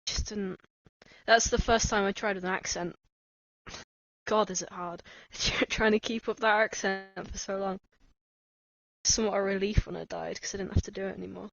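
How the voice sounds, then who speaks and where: A woman speaks in a soft, self-deprecating way and laughs often. Her voice sits mid-range and comes through dry and dull, as over a lo-fi voice chat. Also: mid-range voice, steady tone, normal speed, creaky, no room sound. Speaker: podcast guest. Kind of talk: casual chat.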